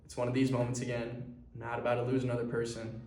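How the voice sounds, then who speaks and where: Speaking fast in a monotone, this young clothing brand founder has a medium-pitched, slightly mellow voice. He rambles earnestly to the camera with lots of fillers in a personal vlog recorded in an echoey room.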